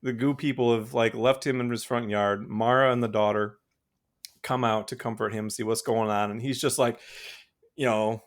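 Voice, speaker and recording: A man of middling pitch co-hosts a podcast in casual chat. He rambles with fillers and restarts and laughs often as he talks. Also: steady tone, normal speed. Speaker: podcast co-host.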